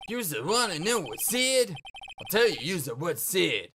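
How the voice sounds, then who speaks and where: A woman voicing a cold, menacing male mob thug in a video game, with a gruff tough-guy drawl. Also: lowish voice, sing-song, takes it slowly, background noise, voice pushed up.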